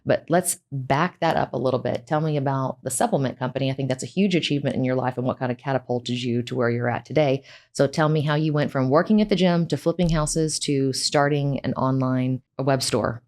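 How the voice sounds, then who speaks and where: A woman's voice: rumbling low, brisk, darkish tone. A woman co-hosting a casual interview, chatty and prompting her partner with questions.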